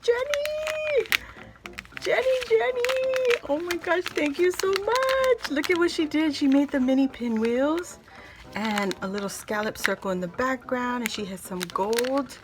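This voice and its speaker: A woman vlogger chatting casually as she unboxes a craft gift, gushing with excited exclamations. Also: on the high side, background noise. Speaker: craft vlogger opening mail.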